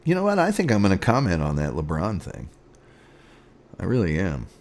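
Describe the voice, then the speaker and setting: A man's voice: low-pitched, huge pitch swings, normal speed, darkish tone, slight background noise. A man hosting a casual sports show, rambling through scores with sarcastic asides. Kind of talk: casual sports commentary and rants.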